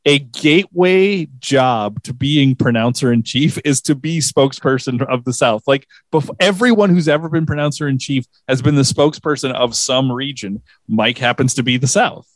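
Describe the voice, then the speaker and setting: A man's voice: medium pitch, moderate pace, hardly any pauses, no room sound. A man co-hosting a podcast, arguing a silly point in playful mock-serious banter. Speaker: podcast co-host.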